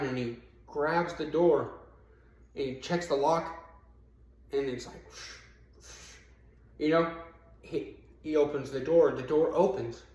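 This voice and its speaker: A man telling a parable in a casual motivational talk, speaking conversationally and filling gaps with "you know", and climbing high and emphatic when he drives a point home. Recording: echoey room.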